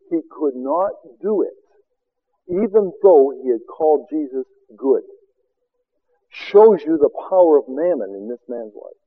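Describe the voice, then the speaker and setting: A man with a high voice preaches a sermon, throwing out rhetorical questions and swinging between loud bursts and hushed asides. The sound is thin and tinny, like narrow-band broadcast audio. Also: breathy edge. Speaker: preacher and seminar teacher.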